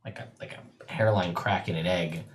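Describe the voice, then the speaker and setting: A man acting as dungeon master, narrating a tabletop game in a relaxed, joking way with many fillers. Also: low voice, moderate pace, a little hiss or hum.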